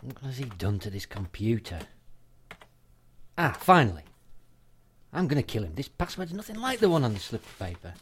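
A man's voice: mid-range voice, very animated, moderate pace, pauses often, slight background noise, lightly acted. An actor playing an exasperated man fighting his computer. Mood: frustrated. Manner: exasperated, sarcastic.

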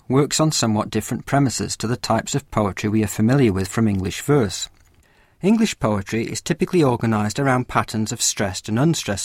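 A man giving scripted educational narration as a course lecturer, with a measured and clear explanatory delivery. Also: medium pitch, no room sound, studio quality.

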